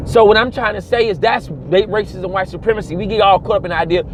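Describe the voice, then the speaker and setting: A man's voice: sits high, fast, hardly any pauses, a little hiss or hum. A young adult man talking straight to camera in a casual vlog, emphatic and preachy, repeating phrases for stress. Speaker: vlogger. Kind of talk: casual commentary monologue.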